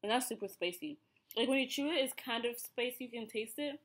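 A brisk, fairly high-pitched woman in her thirties with an Ethiopian accent chats casually through a snack review as a vlogger, using lots of fillers and restarting her sentences often.

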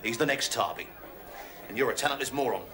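A man's voice: mid-range voice, fast talker, a crowd in the background, close to an everyday voice. A man playing a smug scheming TV executive. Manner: smug, insulting, blunt. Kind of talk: sitcom acting.

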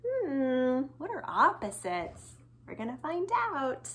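A young woman teaching small children in a slow, sing-song, playful way, with exaggerated hellos. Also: high voice, sing-song. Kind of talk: children's video lesson.

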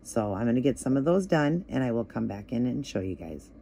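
Gravelly man walking through nail art. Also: mid-range voice, brisk, slight background noise. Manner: relaxed and chatty, many ums and you-knows. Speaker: nail art tutorial host. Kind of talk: casual step-by-step craft tutorial.

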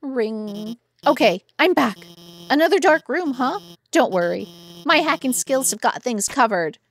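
Woman voicing a deadpan nerdy lizard lady, high and slow. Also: slight background noise, full character voice. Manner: deadpan, blunt. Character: nerdy female lizard scientist, blunt critic.

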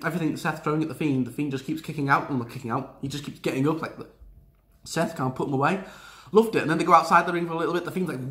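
A man giving a casual, chatty rant about a wrestling show, sarcastic and quick to laugh. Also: a little high, fairly bright tone.

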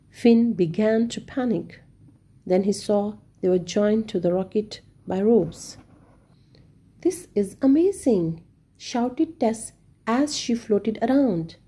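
A woman reads a children's story aloud at a very slow, deliberate pace. Her voice is dark and mellow, with a soft huskiness at mid pitch. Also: husky. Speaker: storybook reader.

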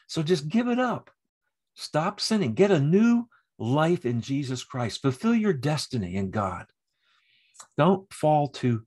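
Middle-aged male pastor, husky, animated pulpit delivery with chuckles and restarts. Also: medium pitch. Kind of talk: sermon.

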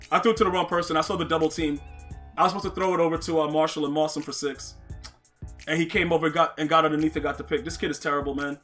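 A man streaming a football video game, excitable and trash-talking, shouting at plays and chatting with his viewers. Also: a little high, very fast, faint music behind. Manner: chats with viewers while playing. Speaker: gaming streamer. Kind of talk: live gameplay commentary.

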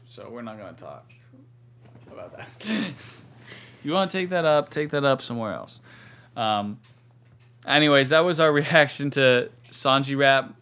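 A man's voice: mid-range voice, fairly bright tone. Joking man co-hosting a reaction video. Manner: joking, teasing, mock-defensive. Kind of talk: casual reaction chat.

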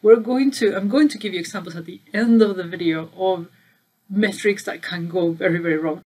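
A woman's voice: lowish voice, brisk, mellow, husky. Woman explaining business metrics to camera. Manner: conversational, stresses key words, asks viewers questions. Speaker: channel host and data trainer. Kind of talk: casual explainer video.

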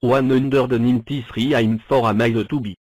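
A man's voice: mid-range voice, normal speed, no room sound, close to an everyday voice. A man voicing a plain cartoon number block. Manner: flat self-introductions. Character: cheerful talking number block.

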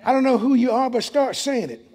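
A man's voice: very high-pitched, fairly quick, a little mellow. A man, preaching as pastor in a church, emphatic and full of rhetorical questions. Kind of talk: sermon.

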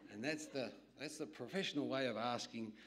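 Man preaching, literature evangelist, anecdotal, conversational asides, mid pitch. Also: brisk, slight background noise. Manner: lively anecdotal storytelling with asides to the audience. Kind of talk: storytelling sermon.

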